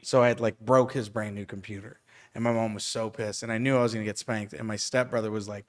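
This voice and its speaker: A man hosting a podcast who tells stories in an animated way, laughing often as he goes. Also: fairly low pitch, fast. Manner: animated storyteller, laughs through his stories. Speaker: podcast host and stand-up comedian. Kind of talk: casual podcast chat.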